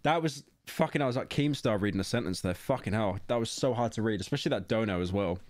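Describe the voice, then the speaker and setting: A man's voice: fairly low pitch, fast talker, no room sound, studio quality. Sarcastic young British man, swearing streamer. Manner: sarcastic, swears a lot, talks to chat. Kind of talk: casual gaming commentary.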